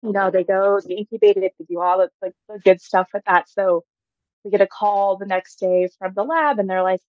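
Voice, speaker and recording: On a muffled, echo-free recording, a woman in her thirties talks briskly at medium pitch. She's a podcast guest sharing her personal story casually, peppering it with "like" and laughing a lot.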